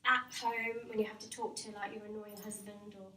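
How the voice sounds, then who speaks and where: A woman hypnotherapist talks casually to an office crowd in a meeting room, laughing frequently and posing questions to those present. Her medium-pitched voice is brisk with a flat delivery, and the sound is distant and roomy, carrying faint background noise.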